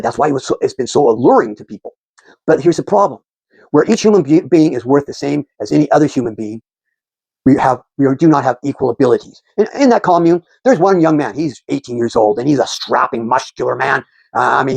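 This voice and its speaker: A man's voice: mid-range voice, gravelly, darkish tone, breathy edge, no echo. A man explaining civics in a casual, rambling way, with frequent restarts and fillers. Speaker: civics commentator.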